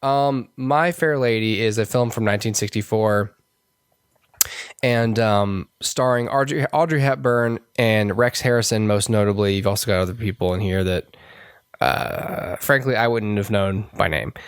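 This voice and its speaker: A man's voice: normal speed, smooth, no room sound, clean studio sound. A man co-hosting a casual movie review podcast, rambling with lots of restarts and fillers. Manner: rambling, many restarts and fillers, puts on high voices to quote characters. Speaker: podcast co-host.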